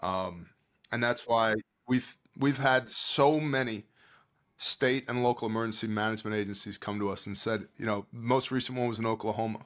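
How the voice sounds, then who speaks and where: At a moderate pace and fairly low pitch, this American podcast guest, who heads disaster relief efforts, tells stories casually. He acts out quotes with animation, his volume swinging from loud to hushed.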